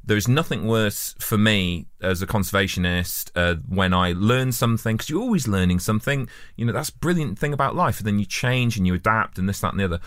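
Lively man in casual chat. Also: fairly quick, few pauses, clean tone, no room sound, clean studio sound. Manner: animated, jumps in pitch when acting out quotes. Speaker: podcast co-host. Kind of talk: casual conversation.

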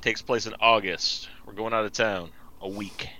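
A man's voice: lowish voice, steady tone, normal speed, sharp tone, slight background noise. A man co-hosting a podcast in casual chat, teasing his friend and filling his talk with "like" and "right". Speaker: podcast co-host.

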